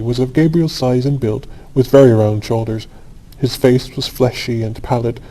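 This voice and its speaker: Mellow man reading a classic story calmly. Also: medium pitch, a little hiss or hum, poor audio. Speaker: audiobook narrator. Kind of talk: scripted narration of a classic story for sleep.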